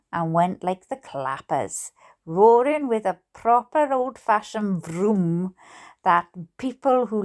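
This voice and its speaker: A Welsh woman reading a bedtime book aloud, chatty and quick to laugh, with asides to her viewers. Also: on the low side, darkish tone.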